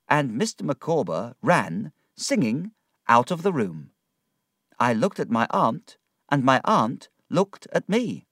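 A man narrating a storybook in a slow, measured reading. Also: on the low side, very animated, no echo, studio quality.

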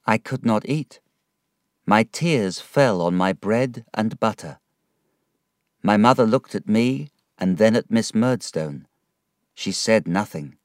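Male storybook narrator, unhurried delivery, very animated pitch, dry close mic. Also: no room sound. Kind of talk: storybook reading.

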